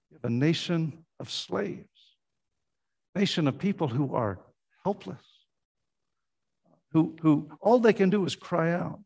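Earnest higher-voiced male pastor preaching. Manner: earnest, conversational preaching with repeated restarts. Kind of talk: sermon.

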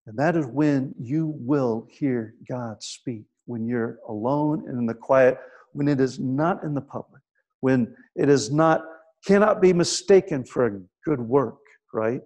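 A man's voice: medium pitch, measured pace. Man preaching a sermon with "right?" asides. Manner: storytelling preaching, dropping to a hushed voice for quiet moments; frequent "right?" asides to the congregation.

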